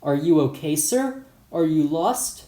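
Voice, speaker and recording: A man's voice: fairly high pitch, lively intonation, measured pace, warm tone, voice pushed up. A man voicing a hot-tempered store owner in an audiobook, scolding with a raised voice. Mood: questioning. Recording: roomy echo.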